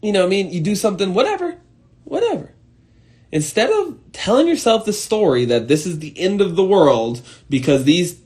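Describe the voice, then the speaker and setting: Young male streamer, fairly high voice, loose profane pep talk with sudden loud bursts. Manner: animated and profane, swings between loud outbursts and low muttering. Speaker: host of an Instagram live stream. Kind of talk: casual motivational monologue.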